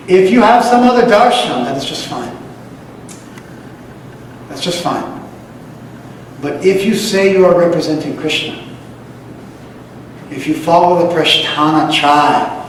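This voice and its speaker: A man's voice: on the high side, slight background noise. A man from the United States giving an emphatic religious lecture, repeating key phrases and chanting Sanskrit verses. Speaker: lecturer on scripture. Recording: echoey hall, voice from far off.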